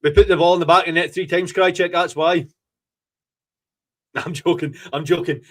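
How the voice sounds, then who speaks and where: A Scottish man hosting a fan podcast, reacting live to a football match in an excitable, gloating way and swearing freely. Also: fairly high pitch, moderate pace.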